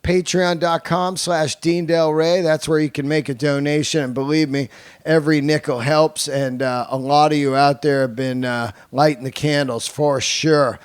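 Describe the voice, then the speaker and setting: A man's voice: on the high side, fairly even intonation, normal speed, smooth, no room sound. A man in his fifties, a comedian hosting his podcast, talking loosely and profanely in a joking, storytelling way. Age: 50s. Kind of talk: casual podcast monologue.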